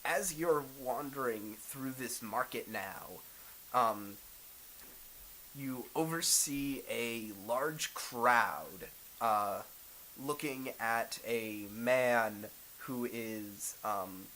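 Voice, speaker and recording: Male GM, mid-pitch, relaxed and halting. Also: a little hiss or hum, low-quality recording. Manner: relaxed, hesitant, many fillers. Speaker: game master. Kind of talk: narrating a tabletop role-playing game.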